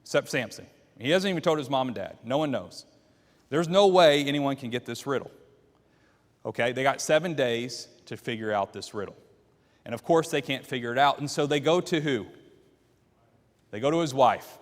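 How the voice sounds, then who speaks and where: A man's voice: mid-range voice, animated, normal speed, long pauses, long reverb tail. A man teaching a Bible class, walking listeners through the story by quizzing them with questions. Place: church classroom.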